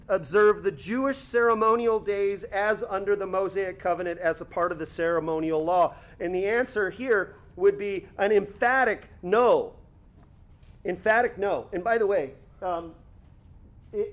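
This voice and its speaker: A man preaching a conversational sermon, teaching with rhetorical asides and quick self-corrections. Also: high-pitched. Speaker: pastor.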